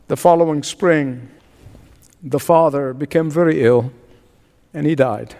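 A man preaching a sermon, telling a story in a dramatic, deliberate way in a church. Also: on the high side, darkish tone, big-room sound.

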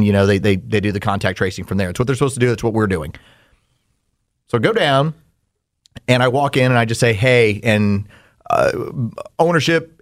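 A man hosting a comedy podcast, reading sponsor spots and recounting events step by step in a steady, methodical way. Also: medium pitch. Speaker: podcast host and radio host. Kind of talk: casual comedic podcast talk.

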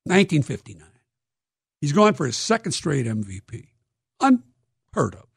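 Husky, animated male storyteller. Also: fairly high pitch, moderate pace, no echo, clean studio sound. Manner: lively, dramatic storyteller who acts out quotes. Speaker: author being interviewed.

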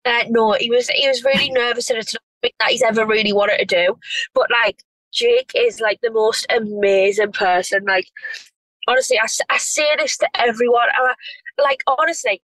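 A woman's voice: fairly high pitch, fairly even intonation, moderate pace, a bit bright, dry recording, poor audio. A woman, talking in a gushing, effusive way full of restarts. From North East England. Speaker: reality TV star guest. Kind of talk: casual chat.

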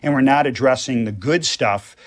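A man's voice: medium pitch, normal speed. A man, a priest, talking earnestly on a radio show and explaining with everyday examples. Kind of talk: radio conversation.

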